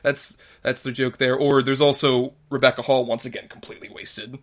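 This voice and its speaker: A man's voice: medium pitch, level tone, brisk. A man co-hosting a casual movie review podcast, offering wry, dry criticism with lots of fillers. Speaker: podcast co-host.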